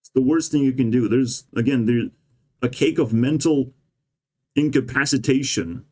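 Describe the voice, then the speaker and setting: A man's voice: medium pitch, moderate pace, darkish tone. Man ranting sarcastically in a vlog. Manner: profane, rambling, sarcastic. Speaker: vlogger. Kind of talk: ranting monologue.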